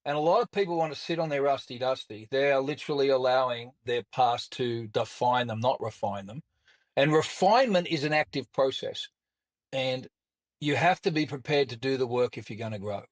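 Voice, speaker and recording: A man's voice: mid-range voice, moderate pace. Middle-aged male guest, candid storyteller with a blunt, colorful delivery. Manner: blunt and colorful, with mild swearing. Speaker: guest, author and speaker.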